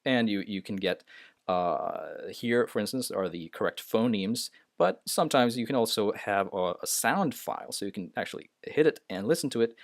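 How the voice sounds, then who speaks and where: A man's voice: fairly low pitch, animated, moderate pace, dry recording, studio quality. A man teaching a lesson off the cuff, hesitant, with many fillers and restarts. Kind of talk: unscripted screen-share lesson.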